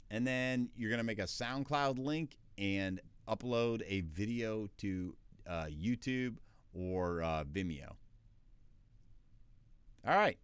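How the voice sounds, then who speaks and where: A man casually explaining voiceover basics, quick and loose with filler words. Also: fairly low pitch, smooth, no room sound. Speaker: voiceover tutor. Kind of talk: casual tutorial talk. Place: small home recording space.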